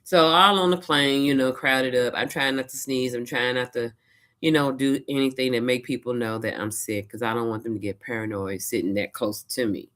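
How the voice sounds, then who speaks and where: A woman's voice: a bass voice, fairly even intonation, moderate pace, fairly bright tone. A woman from Louisiana, chatting casually in a vlog and retelling her days with quoted asides. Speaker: vlogger. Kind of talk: casual personal storytelling.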